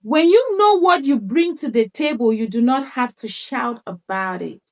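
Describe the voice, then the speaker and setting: Woman coach w a high voice, talks straight to viewers, says things twice to drive them home. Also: expressive, moderate pace. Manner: emphatic, repeats points for stress; acts out others' words in quoted asides. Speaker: lifestyle coach. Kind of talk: motivational talk to viewers.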